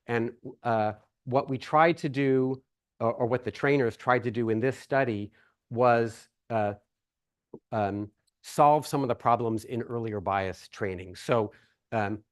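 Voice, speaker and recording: A man delivering a plenary lecture in a lecture hall. He talks in a relaxed, conversational way, often pausing on fillers and restarting his sentences. His voice sits at an ordinary middle pitch. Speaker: plenary speaker. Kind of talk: academic conference talk.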